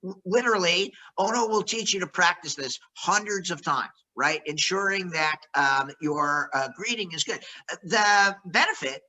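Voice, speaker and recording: High, bright-voiced man coaching sales calls. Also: moderate pace, rough recording. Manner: energetic, acts out phone greetings. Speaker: sales trainer. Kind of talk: live workshop coaching.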